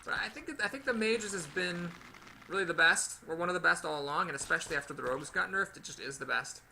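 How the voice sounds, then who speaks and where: A man with a very bright, forceful voice and a high pitch talks through his card game in a chatty, playful way. His tone carries a gravelly edge. Now and then he breaks into lively exclamations. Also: fast. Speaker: gaming video host. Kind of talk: casual gameplay commentary.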